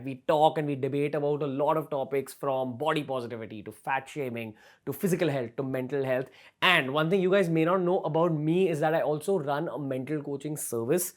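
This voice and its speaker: Young male podcast host, energetic and eager. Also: on the high side. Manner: energetic, enthusiastic intro. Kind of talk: casual podcast chat.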